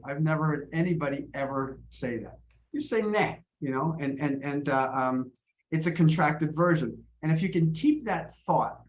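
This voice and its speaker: An American man teaching an English class over a video call, patient and encouraging, repeating words as he gathers his thoughts. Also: fairly high pitch.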